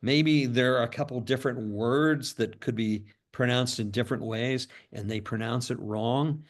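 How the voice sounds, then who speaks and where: A man co-hosting a business podcast, talking in a relaxed, conversational way. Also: medium pitch, normal speed. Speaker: podcast co-host. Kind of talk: casual discussion.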